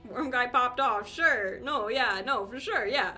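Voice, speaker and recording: A woman's voice: a little high, measured pace, sharp tone. A woman livestreamer chatting casually and playfully with her viewers, giggling and teasing as she reacts. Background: faint game music.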